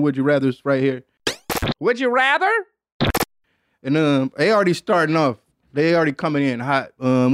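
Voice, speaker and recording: Man, podcast host, slightly high voice, dry close sound, profane, laughs a lot. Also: no room sound. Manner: profane, laughs often, loose rambling. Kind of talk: casual podcast chat.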